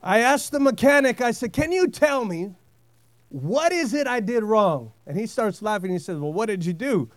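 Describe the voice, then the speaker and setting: A man in middle age preaches with lively storytelling, peppering his sermon with amens. His voice sits notably high for a man. The recording is dry, with no room sound. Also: moderate pace, dry recording. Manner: animated storytelling, frequent "amen". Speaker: pastor.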